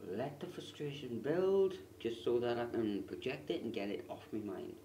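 A man venting into his camera at home, swearing and shouting hard, with a lung problem straining his voice. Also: big pitch swings, moderate pace, recorded from a distance, background noise. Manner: low muttering, then furious screaming rant. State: lung problem, worried about losing voice. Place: bedroom at home, window closed. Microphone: camera in the room.

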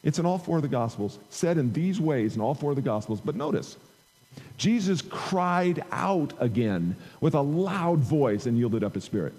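A man's voice: a little high, lively intonation, moderate pace, dark tone, husky, long reverb tail, low-quality recording. A man preaching a conversational sermon into an amplified microphone, reading scripture aloud and rising in emphasis. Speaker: pastor. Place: church sanctuary.

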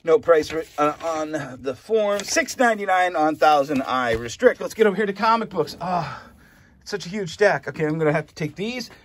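A man's voice: a little high, animated, moderate pace, slight background noise. A man hosting a casual rundown of a comic shop's recent sales, chatting through items and prices and tripping over some names. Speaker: comic shop host reviewing sales. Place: comic and collectibles shop.

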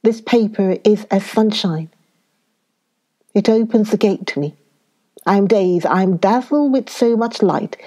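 Elderly foreign professor, effusive and solemn, slow measured delivery, read by a woman narrator in a low-ish voice. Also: warm tone. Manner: solemn, halting, oddly worded speech. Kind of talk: audiobook character reading.

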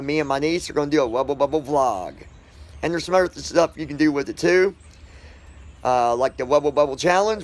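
A man vlogging casually outdoors, chatting and joking directly with his viewers in an upbeat, rambling way. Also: fairly high pitch. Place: outdoors on concrete.

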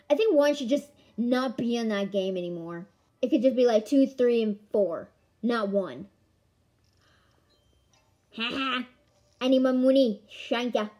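A woman giving casual commentary on a board game she is playing, excitable, with melodramatic outbursts and playful taunting of her opponent. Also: medium pitch, normal speed. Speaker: gamer filming a board game. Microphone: camera mic.

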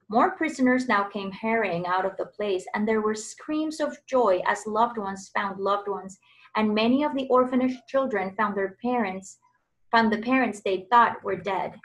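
A woman, a preschool teacher, reading a children's novel aloud in an expressive storytelling voice. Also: mid-range voice, normal speed, rough recording. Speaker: preschool teacher, guest reader.

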